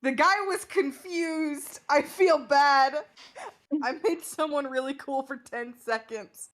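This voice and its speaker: Picture a troubled young male adventurer in a tabletop game, sheepish and halting as his thoughts spill out, with a woman speaking them in a slightly raised voice. He sounds uneasy and unsure of himself. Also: high-pitched, a bit bright, voice pushed up.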